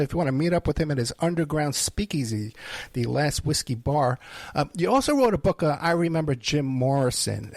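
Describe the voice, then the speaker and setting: A man's voice: fairly high pitch, a little mellow, no echo, studio quality. A man hosting an interview, introducing his guest with plain talk and many fillers. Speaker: host. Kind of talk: interview host.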